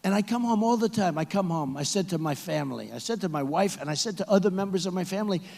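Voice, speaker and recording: High-voiced man shouting at a rally. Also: expressive, fast, gravelly. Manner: repetitive, boastful, rising to shouts. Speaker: political candidate addressing supporters. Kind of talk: campaign rally speech. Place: large indoor arena. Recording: echoey arena sound from a PA.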